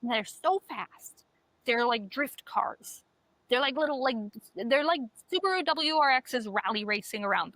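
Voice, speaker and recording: A woman co-hosting a podcast, telling animated stories in casual chat and swearing often. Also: sits high, measured pace, no room sound. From Canada. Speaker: podcast co-host.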